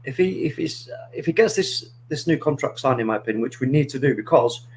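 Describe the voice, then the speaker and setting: A man hosting a casual football chat, telling stories in a rambling, animated way with many restarts. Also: medium pitch, a little fast, a little hiss or hum, rough recording. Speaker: podcast host.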